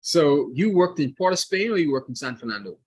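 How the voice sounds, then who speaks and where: Lively, husky-voiced podcast host. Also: mid-range voice, brisk, no room sound. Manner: friendly, encouraging, lots of small affirmations. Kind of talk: casual interview chat.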